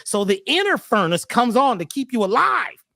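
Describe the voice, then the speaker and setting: A man as a podcast guest talking casually in an animated, preachy way, often repeating words as he starts a thought. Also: extremely high pitch, normal speed, no echo, clean studio sound.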